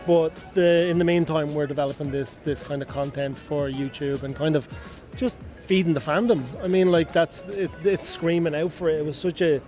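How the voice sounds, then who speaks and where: A man's voice: a little high, steady tone, normal speed, a little mellow, soft background music. A man with an Irish accent talks in a chatty, rambling way with lots of fillers, interviewed at a trade show. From Ireland. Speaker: entertainment lead for a toy brand.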